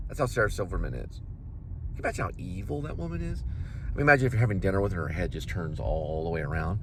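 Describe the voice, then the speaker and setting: A man rambling jokingly while driving, tossing out deadpan asides and correcting himself. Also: deep voice, quick pace, a little hiss or hum. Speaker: vlog host.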